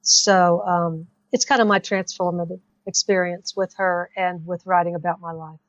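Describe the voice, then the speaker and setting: A woman's voice: on the low side, steady tone, normal speed, no echo. Earnest woman guest on a dull call line. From United States. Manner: earnest, explains her work and plugs her class. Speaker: author and guest. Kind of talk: interview answers.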